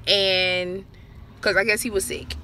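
A young woman, telling a story casually to her viewers in an animated, slangy way. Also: mid-range voice, unhurried. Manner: chatty, animated, slangy, talks to viewers directly. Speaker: vlogger. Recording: noisy background, traffic outdoors.

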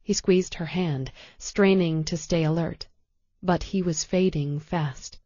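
A woman narrating an audiobook in a calm, measured way. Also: fairly low pitch, no echo, dull audio. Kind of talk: scripted narration.

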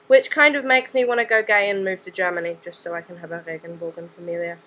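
A woman's voice: mid-range voice, fairly even intonation, fast, hardly any pauses, bright, forceful tone, low-quality recording. A young woman in her late teens with an Australian accent, chatting in a scattered, self-deprecating vlog into a camera she holds herself. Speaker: student vlogger. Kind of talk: casual rambling vlog.

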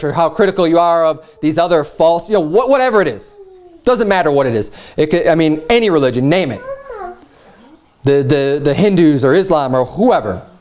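A man preaches a sermon in a slightly high voice and at a fairly quick pace, retelling a scripture story in a casual, animated manner. When quoting lines, he raises his voice into a mocking tone.

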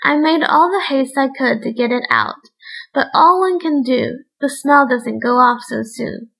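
Woman reader doing a clever fairy-tale princess, gentle and coaxing, bright high voice. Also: unhurried, creaky, slightly rough, full character voice, rough recording. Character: clever young princess held by giant.

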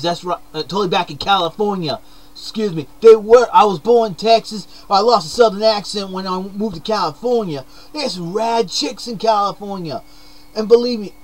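A young man putting on a hyper, upbeat surfer-dude character with a mullet, talking to camera in an excitable, shouty comedic monologue full of slang. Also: sits high, lightly acted.

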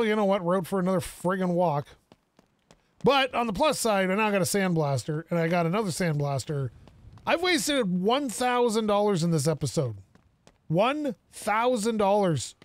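A young man giving casual let's-play commentary, excitable and self-mocking, talking to himself as he plays. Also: sits high, no room sound. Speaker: gaming video creator.

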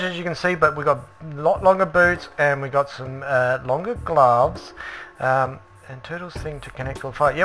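Male let's play host, crisp forceful tone, eager, ums a lot, casual commentary. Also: a little high. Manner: chatty and excitable, many ums and restarts. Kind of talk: casual game tour commentary.

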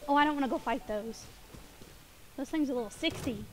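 A woman's voice: high-pitched, a little fast. A young woman streaming a game, chatting casually with her chat and giggling often, a little sniffly with hiccups. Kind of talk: casual livestream chat while gaming. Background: game music.

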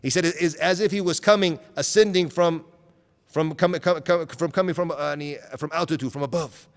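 A man delivering an Islamic lecture with a fairly high-pitched voice, earnest and direct, often asking his listeners rhetorical questions. He weaves Arabic terms into his talk. The sound carries a long reverberant tail from a hall. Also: brisk. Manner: mixes in Arabic terms and recited verses. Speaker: preacher.

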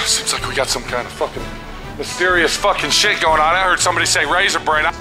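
A man's voice: on the high side, quick pace, over music. A man in a comic skit, panicking and cursing constantly.

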